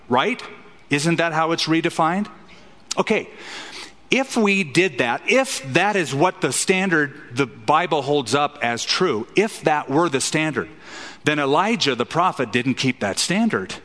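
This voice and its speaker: A man's voice: a little high, a bit bright, big-room sound. A man preaching an expository sermon as a pastor, emphatic and fond of rhetorical questions.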